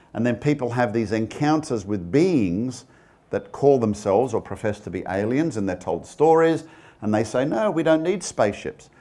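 A man's voice: lowish voice, mellow. A man giving a presentation with slides to a live audience. He talks conversationally, asks the listeners questions and throws in joking asides. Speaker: guest speaker.

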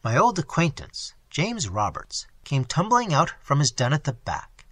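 Expressive, bright-toned male story narrator. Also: on the high side, unhurried, husky, dry recording. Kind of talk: audiobook reading of a classic story.

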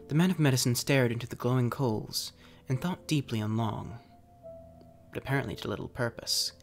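Male narrator for a classic ghost story, measured pacing, mid-range voice, faint music under. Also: mid-range voice.

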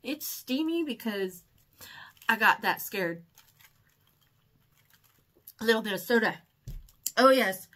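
A woman chatting casually in a shopping haul vlog, telling stories in an excitable, chatty way. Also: on the high side, slow, long pauses. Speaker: haul vlogger. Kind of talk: casual chat.

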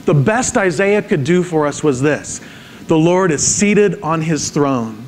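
Male pastor, high voice, dramatic sermon delivery, checks in with the congregation, faint background noise. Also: animated, measured pace, low-quality recording. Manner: dramatic, swings from hushed to emphatic when reading scripture; repeats words for emphasis, asks the audience "right?".

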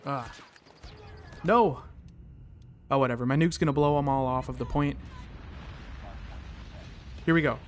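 A man hosting a gaming channel, giving casual commentary on his own match with excited reactions and playful catchphrases. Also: medium pitch, moderate pace, pauses often, slight background noise.

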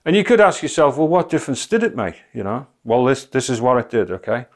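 A man's voice: mid-range voice, very animated, fast talker. A middle-aged man telling his own spiritual testimony in an earnest, conversational way, full of "you know" asides. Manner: earnest and conversational, many you-knows, rising to near-shouting when reliving anger. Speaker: speaker giving a spiritual testimony. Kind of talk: personal testimony storytelling.

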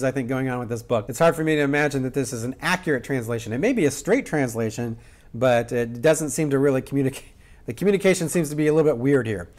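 A man's voice: mid-range voice, darkish tone. Joking man reviewing a manga. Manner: joking, chuckles between lines. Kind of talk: casual comic review.

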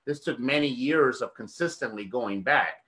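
A man's voice: medium pitch, moderate pace, pushed and bright. A man hosting a podcast, hyped and swearing heavily while speaking straight to the listeners. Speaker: podcast host. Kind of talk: podcast conversation.

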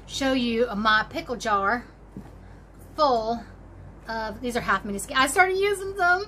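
Bubbly high-voiced woman showing off yarn. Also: expressive, a little slow, sharp tone, slight background noise. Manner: chatty, bubbly, talks to viewers while rummaging. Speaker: crochet channel host. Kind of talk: casual show-and-tell vlog.

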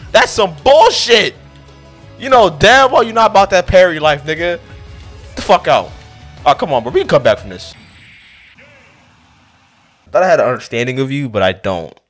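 A man giving profane live commentary over his own gameplay, muttering one moment and yelling the next. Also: a little high, big pitch swings, moderate pace, long pauses, soft background music. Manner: profane, reactive, swinging between muttering and yelling. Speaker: gaming commentator.

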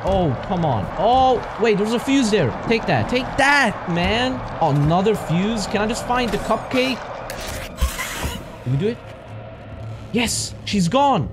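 Hyper young man reacting loudly, high and jumpy. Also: sing-song, unhurried, noisy background. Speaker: gaming channel host. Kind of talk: horror game let's play commentary.

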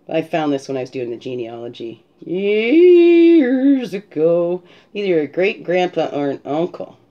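A woman's voice: on the low side, big pitch swings, unhurried, dull audio. A woman talking as a spiritual guide, musing and reflective, often checking in with a "right?" as she prepares a card reading. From Canada.

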